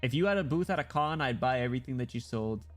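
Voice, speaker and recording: An excitable man streaming, chatting loosely with mid-range pitch. His voice jumps into sudden high squeals, and faint music plays beneath. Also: fast. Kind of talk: casual livestream chat while reading a game story.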